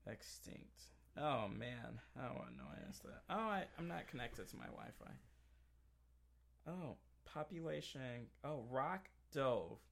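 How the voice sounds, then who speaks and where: A man's voice: medium pitch, sing-song, slow pace, creaky, a bit bright, slight background noise. A man hosting a podcast in casual chat, joking and rambling with lots of trailing fillers. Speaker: podcast host.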